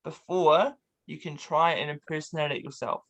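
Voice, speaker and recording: A man's voice: on the high side, steady tone, normal speed, creaky, fairly bright tone. A man hosting a casual video call interview and running a voice impression game. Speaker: interview host.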